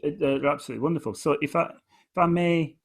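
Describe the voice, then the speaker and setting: A guest with a husky, slightly breathy, somewhat high voice explains a poem's rhythm in a relaxed back-and-forth chat, speaking at a quick pace. He is hesitant and restarts his sentences often, and he stretches out each word when reading verse aloud.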